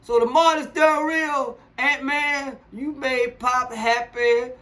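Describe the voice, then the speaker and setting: A man's voice: very high-pitched, steady tone, slow pace, fairly bright tone. An older man co-hosting a casual podcast, blunt and rambling, laughing often. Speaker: podcast co-host, father. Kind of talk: casual sports chat.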